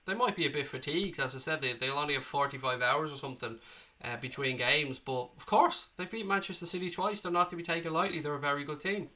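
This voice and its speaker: A man's voice: fairly high pitch, fast, few pauses, pushed and bright. A man with an Irish accent and a cold, hosting a casual live stream and answering viewers in the chat, calling them mate and swearing freely. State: has a cold. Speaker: livestream host reading chat.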